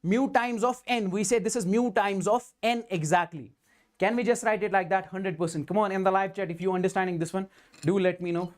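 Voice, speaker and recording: A man with a high voice teaches physics in a live online exam-prep class, speaking a little fast with fairly even intonation. He poses rhetorical questions, repeats the students' answers back to himself, and keeps piling on emphatic affirmations.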